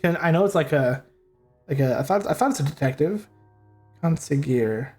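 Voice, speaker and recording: A man's voice: on the high side, lively intonation, moderate pace, darkish tone, faint music behind. A young man casually commentating on a game he is playing, rambling and swearing freely. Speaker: gaming host. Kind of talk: let's play commentary.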